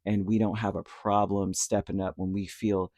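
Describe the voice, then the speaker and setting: A man's voice: low voice, little pitch movement, moderate pace, darkish tone, no room sound, clean studio sound. A man giving a casual, rambling tarot reading, talking conversationally with lots of fillers and asides. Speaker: tarot reader.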